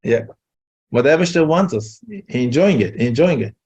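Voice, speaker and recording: A man telling a Torah story in a casual talk, halting and repeating words. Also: mid-range voice, lively intonation, a little mellow, slightly rough, lo-fi sound. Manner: halting, repeats words, Yiddish-laced English. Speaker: rabbi giving a talk.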